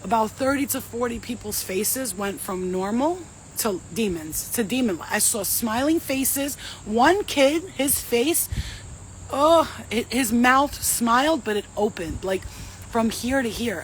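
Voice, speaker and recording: A woman's voice: fairly high pitch, a little slow, a little hiss or hum, poor audio. A woman, a psychic medium and host, telling a story to a live audience in casual, streetwise slang, with lots of swearing. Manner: animated, profane, streetwise slang.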